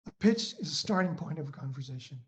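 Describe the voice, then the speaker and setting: A man's voice: on the high side, expressive, fast. A man giving a presentation on a webinar, talking into his laptop's built-in mic, full of ums, uhs and restarts. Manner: hesitant, many fillers and restarts. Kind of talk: online presentation talk. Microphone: laptop built-in mic on a video call. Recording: dull lo-fi video-call audio.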